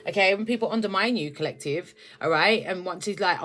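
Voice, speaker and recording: Speaking a little fast over very noisy audio, this tarot reader has a British accent and a voice on the low side. Her spiritual reading is casual and chatty, addressed directly to viewers, and she keeps asking "all right?" and "okay?".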